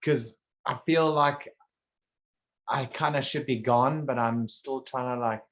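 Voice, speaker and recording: A man holding a casual one-on-one conversation, his thoughts coming out in halting, rambling pieces. He restarts sentences often and drops in blunt swearing. His voice sits at an ordinary middle pitch. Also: fairly bright tone.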